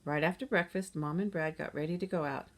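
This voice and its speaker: A woman narrating a children's chapter book aloud in a steady, gentle reading manner. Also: sits low, a little fast. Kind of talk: storybook read-aloud.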